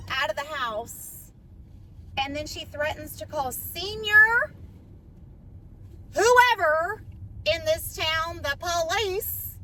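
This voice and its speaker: High bright-voiced woman, blunt and profane. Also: lively intonation, slow pace, long pauses. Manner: blunt, profane, fired-up storytelling. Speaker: guest. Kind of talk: personal storytelling in conversation.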